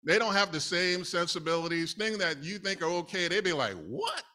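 Bright-voiced New preacher. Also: male voice, high voice, brisk. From New York City. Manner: conversational, laughing asides, acts out prayers. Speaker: lay preacher. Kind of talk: sermon.

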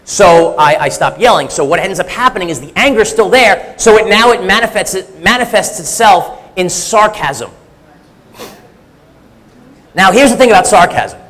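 High-voiced man giving a candid sermon. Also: expressive, normal speed, a bit bright, big-room sound. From three-quarters Sicilian heritage. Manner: candid, self-deprecating, conversational with frequent restarts. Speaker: church speaker. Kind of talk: personal testimony sermon.

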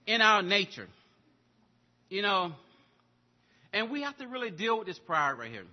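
A man preaching a sermon, telling a story and swinging between loud exclamations and hushed asides. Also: sits high, sing-song, a little slow, long pauses, lo-fi sound. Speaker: pastor.

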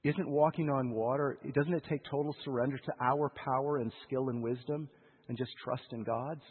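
Husky preacher on tinny radio. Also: male voice, steady tone, normal speed. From United States. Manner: emotional, swings between loud urgency and hushed lows. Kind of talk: sermon storytelling. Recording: tinny radio broadcast with long hall reverb.

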